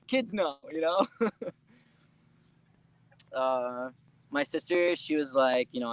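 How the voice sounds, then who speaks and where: Young guy rambling thru family stories in an interview, laughs a lot, swears casually, normal pitch, bit of faint noise. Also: animated, measured pace, long pauses, poor audio. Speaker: interview guest.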